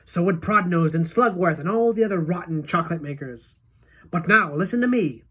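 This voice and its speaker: A woman voicing an excitable, eccentric male candy maker in a storybook reading, with loud, eager, bossy exclamations. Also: lowish voice, moderate pace, slightly rough. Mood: stern, eager.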